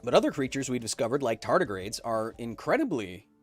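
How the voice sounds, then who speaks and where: A man in his thirties hosting a casual live-stream podcast, answering chat questions with quick jokes and lots of ums. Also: medium pitch, faint music behind. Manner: animated and jokey, with many ums and playful outbursts.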